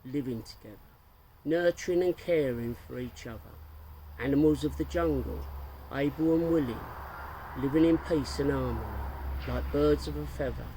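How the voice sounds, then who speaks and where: A man's voice: mid-range voice, moderate pace, mellow, slight background noise, lightly acted, poor audio. Man doing a show-off dad's mock documentary commentary. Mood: flowery. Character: playful jokey family man, show-off filming everyone.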